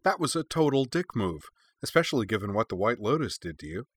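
A man's voice: on the low side, big pitch swings, brisk, slightly rough. A man voicing a blunt, gleeful listener who chortles and gloats.

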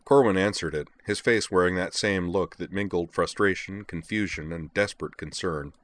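Deep-voiced male audiobook narrator. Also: no echo. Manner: measured, even storytelling.

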